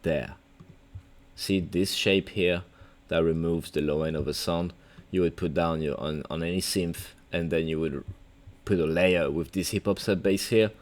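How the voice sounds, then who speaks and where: A man's voice: sits low, fairly even intonation, unhurried. A man with a French accent, a music producer giving a casual, rambling, playful livestream tutorial.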